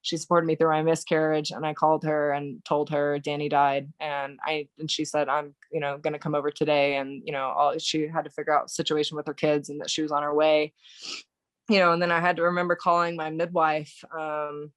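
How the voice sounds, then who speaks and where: Young American woman, guest on a podcast, flat monotone delivery, hesitant and full of restarts. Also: low voice, no echo. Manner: halting, many fillers and restarts. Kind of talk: emotional personal recollection.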